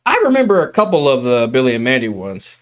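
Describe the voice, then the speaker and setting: A young man streaming, chatting casually, rambling, swearing freely and drifting between loud bursts and mutters. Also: medium pitch, wildly swooping pitch, quick pace, clean tone. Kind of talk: casual livestream chat.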